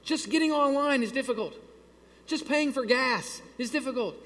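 A man preaching to his church, telling a story in an animated, exasperated way. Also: extremely high pitch, moderate pace. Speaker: pastor. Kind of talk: sermon with a storytelling aside. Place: church sanctuary. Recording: long hall reverb.

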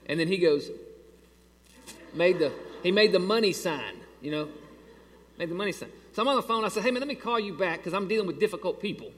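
High-voiced man preaching in a reverberant hall. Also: a little fast. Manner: animated, builds to loud exasperated storytelling. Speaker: pastor. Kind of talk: sermon with a storytelling aside. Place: church sanctuary.

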